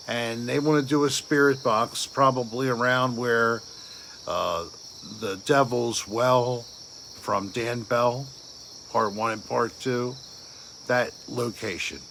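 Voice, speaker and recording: A man's voice: mid-range voice, takes it slowly, gravelly, a bit bright, slight background noise. A man hosting a casual late-night livestream, rambling and answering viewer comments aloud. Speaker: livestream host reading viewer chat.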